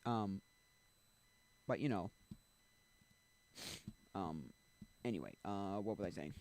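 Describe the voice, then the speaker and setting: A man's voice: low-pitched, animated, slow, a little mellow. A young man streaming, chatting casually and rambling, often losing his train of thought. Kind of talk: casual chat.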